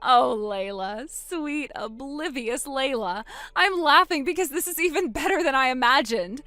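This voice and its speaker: A woman voicing a wronged older sister in a dramatized text-message story, speaking quietly and deliberately. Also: sits high, expressive, no room sound, full character voice. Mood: cold.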